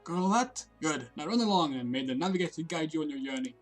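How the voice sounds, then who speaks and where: A streamer voicing a friendly male guide character from a fantasy game, giving brisk, cheery directions. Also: low voice, animated, faint music behind, pitched above the performer's own voice.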